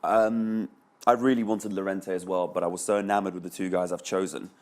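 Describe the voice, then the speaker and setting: A man's voice: low voice, fairly even intonation, a little fast, darkish tone. A man, a panelist chatting analytically on a sports show. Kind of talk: panel discussion.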